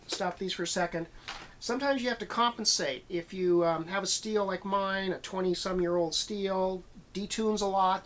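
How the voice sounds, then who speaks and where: Guy teaching steel guitar at home, lots of ums, faint guitar drone under him. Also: high-pitched. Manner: relaxed, thinking aloud with many fillers and restarts. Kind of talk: instructional talk between playing.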